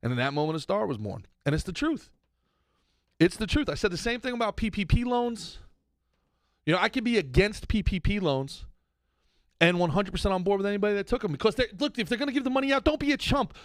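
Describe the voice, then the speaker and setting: A man co-hosting a comedy podcast, ranting in a casual, animated way that swings from loud outbursts to mumbled asides. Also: high-pitched, quick pace, no room sound, studio quality. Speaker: podcast co-host.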